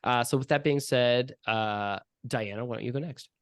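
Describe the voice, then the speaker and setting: A man's voice: medium pitch, normal speed, fairly bright tone, clear, resonant tone, dry recording, studio quality. Self-mocking man hosting a tabletop game. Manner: jokey, self-mocking, with frequent uh fillers. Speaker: dungeon master and podcast host. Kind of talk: casual tabletop podcast chat. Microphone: remote call mic.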